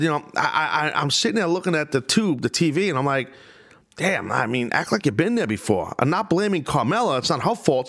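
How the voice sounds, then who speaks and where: A man's voice: fairly high pitch, fairly bright tone. A man hosting a podcast, giving casual, opinionated commentary that rambles and drifts off on tangents. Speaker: podcast host.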